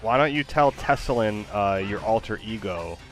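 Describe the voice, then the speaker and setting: A man with a somewhat low voice chats casually with an AI. He makes playful, halting requests, full of fillers. Faint music sits behind him. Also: lively intonation. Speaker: user chatting with an AI. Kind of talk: casual chat.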